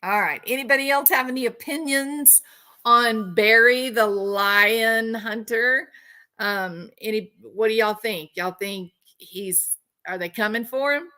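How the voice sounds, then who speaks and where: A woman's voice: fairly high pitch, a little slow, bright, forceful tone. A woman hosting a true crime livestream, talking casually and animatedly, laughing and mocking people with impressions.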